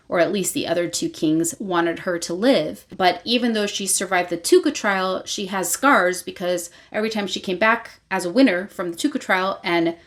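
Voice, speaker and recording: A woman hosting her own channel, giving a casual spoken recap of a novel and retelling scenes loosely with plenty of fillers. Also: lowish voice. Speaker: book reviewer, channel host.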